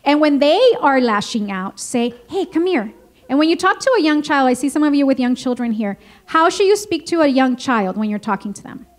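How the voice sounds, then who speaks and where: A woman with a high voice runs a parenting workshop in a school meeting room, speaking fairly quickly. Lively and engaging, she draws the audience in with questions and drops into her English at times.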